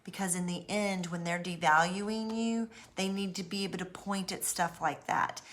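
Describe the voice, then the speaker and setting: A woman talking casually to camera about recovery from abuse, in an animated storytelling way. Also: on the low side, normal speed, a little hiss or hum.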